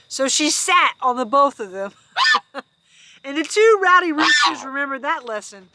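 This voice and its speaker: A woman's voice: high voice, animated, moderate pace. A woman hosting storytime, reading a picture book aloud outdoors on a farm and chatting with her animals between pages. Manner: chatty, laughs, breaks off to talk to her animals. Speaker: storytime host. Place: outdoors on a farm among geese, at night. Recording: outdoor farm noise with honking geese. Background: geese honking.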